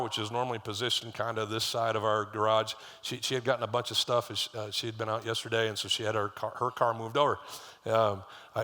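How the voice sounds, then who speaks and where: A middle-aged lead pastor preaches in a medium-pitched, bright, forceful voice. He relates stories in a conversational way and speaks directly to the congregation in asides, all echoing with live church hall reverb.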